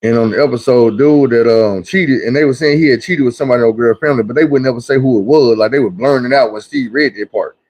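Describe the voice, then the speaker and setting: A man's voice: mid-range voice, fast talker, hardly any pauses, darkish tone. A man on a livestream giving blunt, preachy street talk in a casual monologue, acting out the people he quotes. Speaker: livestream host.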